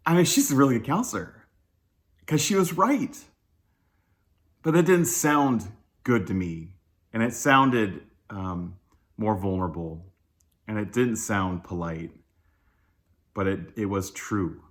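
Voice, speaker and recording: Candid, lowish-voiced male church speaker. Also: expressive, a little slow, long pauses, a bit bright. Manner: candid, self-deprecating, chuckles often; loose with many fillers and restarts. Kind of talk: conversational sermon.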